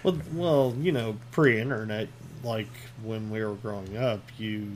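A man's voice: lowish voice, fairly even intonation, unhurried, a little mellow, slight background noise. A man from Ohio chatting casually about movies and actors' accents, loose and talkative with lots of filler words.

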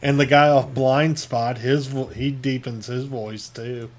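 A man's voice: mid-range voice, fairly even intonation, unhurried. A man from Ohio chatting casually about movies and actors' accents, loose and talkative with lots of filler words.

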